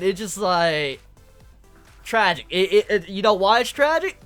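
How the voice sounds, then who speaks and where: A woman's voice: sits high, normal speed, creaky, a bit bright, soft background music. A young woman giving casual manga commentary, emphatic and repetitive, swearing often. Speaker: manga reviewer.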